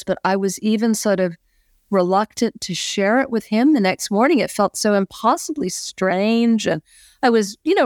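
A middle-aged woman tells a personal story as a podcast guest, earnest and animated. She leans on fillers like "you know" and speaks at a middle pitch. The sound is dry and close. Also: dry recording.

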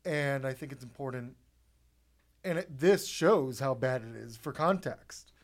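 A man's voice: medium pitch, unhurried. Guy cohost, wry and opinionated, dry little quips. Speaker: podcast co-host. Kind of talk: casual chat.

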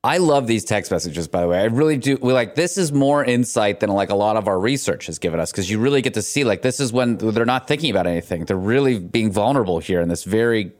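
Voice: mid-range voice, lively intonation, quick pace, hardly any pauses, a little mellow. A podcast co-host chatting casually, reacting with amusement. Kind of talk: casual chat.

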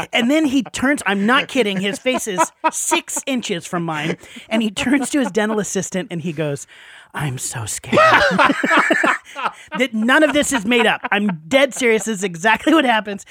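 A man from Oregon, co-hosting a podcast and telling a story in a lively, laughing way, acting out the people in it. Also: high-pitched, dry recording, clean studio sound. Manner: animated, laughing storyteller who acts out other people. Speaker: podcast co-host.

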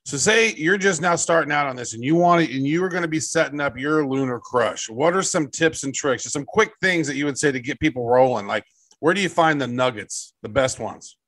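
A man co-hosting a podcast in casual chat, jokey and excitable. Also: on the high side, brisk. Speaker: podcast co-host.

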